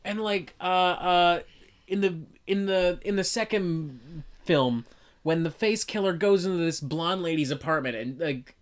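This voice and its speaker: Woman, low voice, casual chat, animated, profane, mocking. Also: unhurried. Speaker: podcast co-host reviewing a film.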